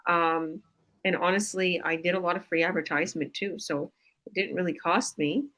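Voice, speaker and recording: Woman business coach hosting a live stream, bright forceful voice, a bit low, gushing. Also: fairly even intonation, moderate pace, rough recording. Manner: effusive, enthusiastic praise. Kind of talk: casual live-stream chat.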